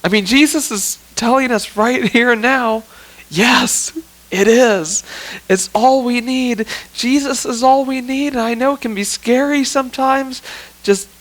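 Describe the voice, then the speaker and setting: A man's voice: extremely high pitch, unhurried, a bit bright, low-quality recording. A male pastor preaching a sermon in a church, in an earnest, conversational way that often leans on "I mean" and "you know what.". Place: church sanctuary.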